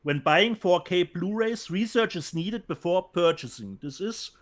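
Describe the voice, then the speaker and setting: A German-accented man co-hosts a relaxed show from home, reading out viewer comments. His voice sits fairly high and swings up and down a lot. He often stalls and repeats words while hunting for the right phrase. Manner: halting, repeats words while searching for them. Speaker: co-host. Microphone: remote call from home.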